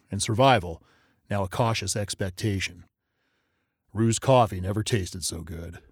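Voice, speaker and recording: A man reading a western story aloud in a measured, deliberate way. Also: medium pitch, no echo, studio quality. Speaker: narrator. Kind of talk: scripted audiobook narration.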